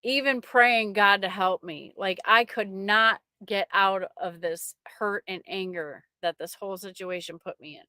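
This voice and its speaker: A middle-aged woman sharing a personal faith testimony with an online audience, emotional and halting, often restarting her sentences. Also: mid-range voice, pushed and bright, no echo, studio quality.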